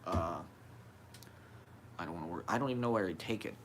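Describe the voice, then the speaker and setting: A man's voice: low-pitched, a little fast, slight background noise. A man with a slight lisp, talking candidly in a rambling personal monologue, swearing and laughing as he goes.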